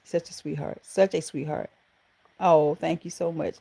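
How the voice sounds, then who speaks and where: Middle-aged southern woman doing a live chat, lowish voice, folksy, calls everyone baby. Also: steady tone, unhurried, vocal fry, mellow, breathy edge. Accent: Southern American. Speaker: channel host. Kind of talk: live-stream chat with viewers.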